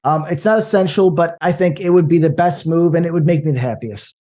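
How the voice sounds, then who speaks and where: A man talking casually about movies, rambling and animated, with frequent restarts. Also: a little high, fairly quick. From American Midwest. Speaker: podcast guest.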